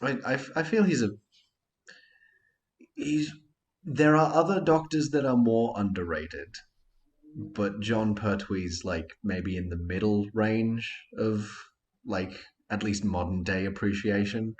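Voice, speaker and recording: A man co-hosting a casual review podcast, animated, acting out scenes and swearing casually. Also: fairly low pitch, takes it slowly. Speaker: podcast co-host.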